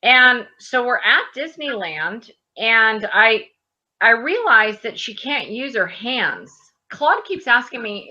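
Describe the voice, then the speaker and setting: A woman's voice: on the high side, very animated, takes it slowly, bright, forceful tone, dull audio. A woman in her thirties telling a personal story in casual conversation, animatedly acting out the dialogue. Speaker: guest.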